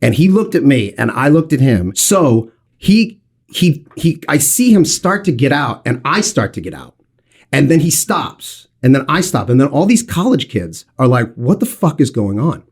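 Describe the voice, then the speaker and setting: A man in his forties telling a lively anecdote on a podcast, swearing freely and acting out what other people said. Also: mid-range voice, normal speed, creaky, husky. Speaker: podcast co-host telling a story.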